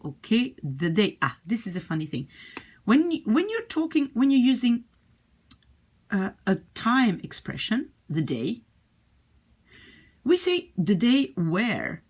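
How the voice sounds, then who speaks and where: A woman with a Dutch accent teaching a language lesson, patiently repeating phrases slowly. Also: fairly high pitch, big pitch swings, darkish tone, husky.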